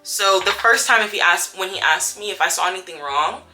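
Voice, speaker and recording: A young woman recounting a confrontation at work in a vlog, telling it with animated storytelling and acting out the quotes. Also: on the low side, a little fast. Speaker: vlogger. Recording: soft music underneath.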